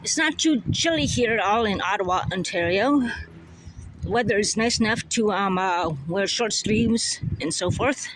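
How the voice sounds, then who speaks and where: A slightly hoarse live-stream vlogger, freshly woken, chatting casually and repeating words while walking a city street outdoors, filmed on a handheld phone. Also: medium pitch, expressive, normal speed, fairly bright tone, a little hiss or hum, poor audio. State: a bit hoarse, just woke up. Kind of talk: casual walking livestream chat.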